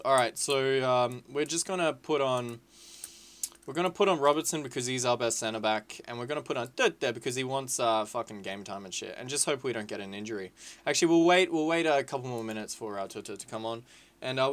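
A man giving casual, excitable gameplay commentary, swearing freely and calling his viewers lads and boys. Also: medium pitch. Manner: excitable, swears a lot, shouts at big moments. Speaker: gaming video creator.

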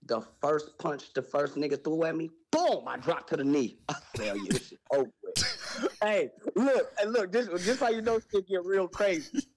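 Young man, slightly high voice, animated storytelling, sound effects, profane slang. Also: moderate pace, a little hiss or hum, rough recording. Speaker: podcast host telling a story.

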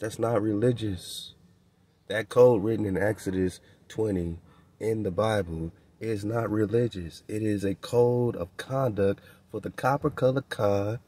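A man on a radio show gives a preaching-style spiritual monologue in loose street slang, emphatic and repetitive, often closing phrases with "man" and chuckling between points. His voice is lowish, warm, and husky.

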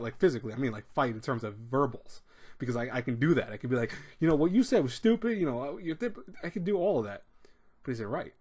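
A man hosting an advice video, talking in a rambling, emphatic way with many restarts and acted-out quotes. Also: mid-range voice. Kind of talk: casual advice monologue.

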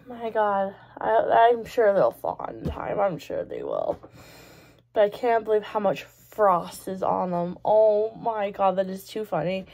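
A woman's voice: medium pitch, warm tone. A woman in her twenties vlogging in a casual, rambling way, giggling and exclaiming often. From Canada. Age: 20s. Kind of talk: casual chatty vlog.

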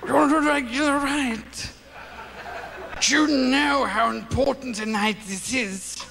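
A man on stage voicing a pompous, blustering husband as a stately actor's impression, with a slow, grand, drawn-out delivery. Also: very high-pitched, fairly even intonation, creaky, over music, voice pushed up, exaggerated voice. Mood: scolding. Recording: roomy live stage hall.

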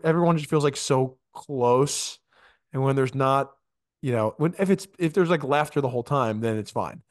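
Halting male podcast host. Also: mid-range voice, no room sound, clean studio sound. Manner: halting, lots of fillers. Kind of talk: casual interview.

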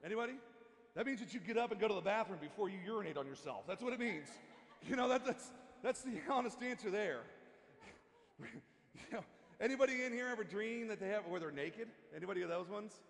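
A man with a high voice preaches a sermon, casual and halting, restarting his sentences and dropping in asides. His voice carries the long echo of a church sanctuary. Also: expressive, gravelly. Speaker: pastor.

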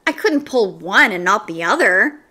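A woman's voice: medium pitch, big pitch swings, moderate pace, pushed and bright. A woman voicing a mischievous schoolboy who earnestly justifies himself in a storybook reading.

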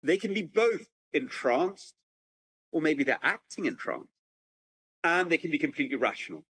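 A man giving a public lecture, telling a story in a lively, animated way with frequent restarts. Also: a little high, normal speed, husky, rough recording. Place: at home with a computer, remote talk.

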